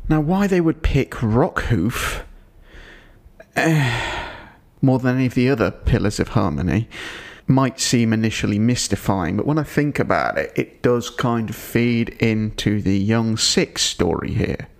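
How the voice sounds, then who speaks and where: A man's voice: mid-range voice, expressive, measured pace, gravelly. A man hosting a podcast, giving a digressive episode review with dry, wry asides. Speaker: podcast host.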